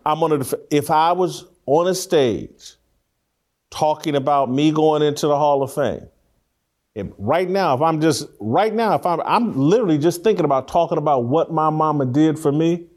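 This is a man with a slightly high voice, talking in a studio as host of an opinion show. He argues bluntly and with heavy emphasis, often restarting and repeating phrases to drive the point home. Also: normal speed, a little mellow. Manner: blunt, emphatic, repeats himself while arguing. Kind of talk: opinionated talk show commentary. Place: studio room with three people.

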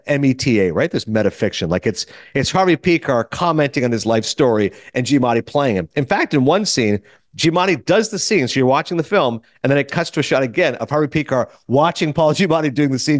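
A podcast host and film critic talks through a movie review in a casual monologue, animatedly acting out quoted lines. His voice is mid-range, recorded dry on a studio microphone.

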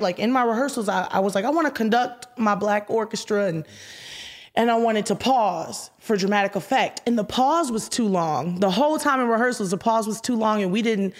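A young woman, a musician appearing as an interview guest, tells an emotional story in a halting way. She restarts often and drops hushed, whispered asides, speaking at a medium pitch.

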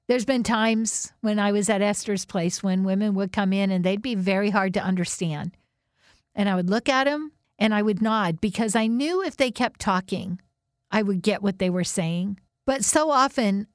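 A woman's voice: moderate pace, dry recording, studio quality. A middle-aged woman coach hosting her own show, talking in a reflective solo monologue, earnest and thoughtful. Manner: earnest, thoughtful, rises in pitch when quoting others. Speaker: coach and podcast host.

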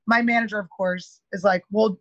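A woman comedian chatting as a podcast guest, telling a long story in an animated way with lots of "like". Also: fairly high pitch, fairly quick, no room sound, dull audio. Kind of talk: casual podcast chat.

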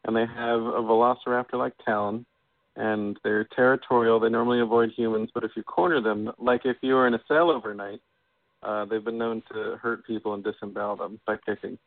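A man co-hosting a casual podcast with a low, gravelly voice, talking in a dry, measured, wry manner. His voice is thin and phone-like, with no room echo. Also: fairly even intonation. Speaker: podcast co-host. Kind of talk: casual chat. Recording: dry tinny phone-like sound.

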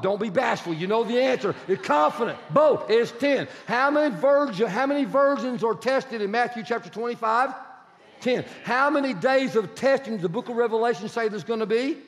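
A man's voice: very high voice, big-room sound. A male pastor preaching a sermon, quizzing his congregation and leaning hard on key words. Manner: quizzes the congregation, animated and emphatic.

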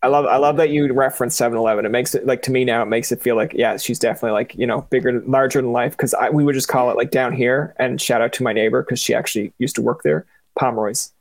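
A man from Newfoundland chatting casually as a co-host, rambling with many fillers and sometimes slipping into animated impressions. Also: medium pitch, fast talker, hardly any pauses, dry recording. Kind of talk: casual chat.

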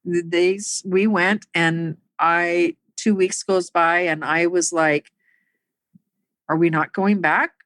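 A middle-aged woman telling her own life story in a halting, earnest way, with many pauses and fillers. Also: lowish voice, fairly bright tone, dry recording, low-quality recording. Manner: earnest and emotional. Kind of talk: personal storytelling.

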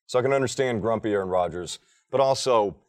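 Male podcast co-host, lowish voice, loud opinionated sports rants. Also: quick pace. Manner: profane, emphatic ranting. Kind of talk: casual sports chat.

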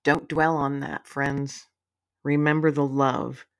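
A woman's voice: rumbling low, flat delivery, slow. A woman author reading her own story aloud in a heartfelt, storytelling manner. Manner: warm, heartfelt narration.

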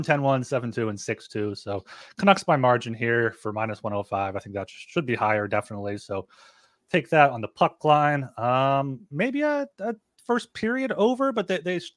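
A man's voice: medium pitch, dry recording, studio quality. A man co-hosting a podcast, chatting casually about hockey picks and reading off odds with plenty of fillers. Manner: reads odds and lines, relaxed with fillers. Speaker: podcast co-host. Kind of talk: casual sports betting chat.

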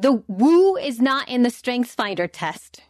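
A woman's voice: a little high, very animated, a little slow, a little mellow, no echo, clean studio sound. A woman co-hosting a casual chat, thoughtful and a little skeptical, rambling as she thinks aloud.

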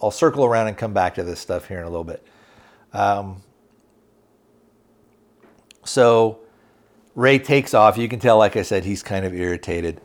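A man hosting a podcast who casually retells a TV episode's plot, rambling and halting with many fillers. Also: on the low side. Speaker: podcast host reviewing a TV series.

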